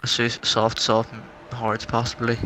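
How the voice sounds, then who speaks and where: A man's voice: medium pitch, monotone, unhurried. A man casually commentating a sim race, chatty and wondering aloud. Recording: noisy game audio behind. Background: racing car engine noise.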